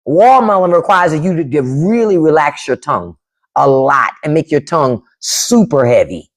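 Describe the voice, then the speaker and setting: A woman with a deep voice hosts a podcast livestream, chatting casually with viewers. She's animated, laughs often and mimics the way her family talks.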